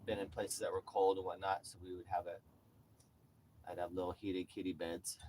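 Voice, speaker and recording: A man with a low voice, talking off the cuff in a loose, rambling way. He swears freely and drifts between chatter and gentle pet talk, with a faint hum of noise behind him. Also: flat delivery, normal speed. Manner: rambling and profane, shifts into soft coaxing pet talk. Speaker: vlogger. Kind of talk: casual monologue while caring for his cat.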